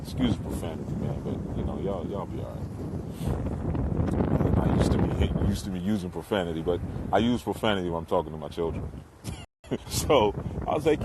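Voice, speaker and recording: A man's voice: fairly low pitch, normal speed. A middle-aged man talking loosely outdoors by the water in a rambling way, with profanity, as a spiritual teacher. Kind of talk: casual outdoor monologue. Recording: windy outdoor noise.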